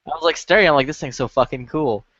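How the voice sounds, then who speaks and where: A man's voice: fairly high pitch, fast, a bit bright, no room sound, dull audio. Rambling profane man on voice chat. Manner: profane, rambling, many filler "like"s. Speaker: lobby chat regular. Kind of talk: casual storytelling chat.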